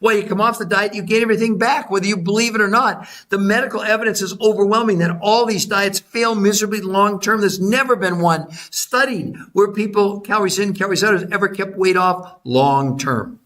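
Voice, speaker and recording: A man's voice: high voice, brisk, hardly any pauses, fairly bright tone. A man presenting research to viewers in an insistent, repetitive, sales-style way, addressing them directly and greeting chat viewers by name.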